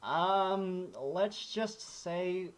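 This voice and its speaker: A man's voice: sits high, very slow, clear, resonant tone. A man in casual podcast chat, telling rambling stories with lots of restarts. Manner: rambling, animated storytelling with many restarts. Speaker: podcast co-host.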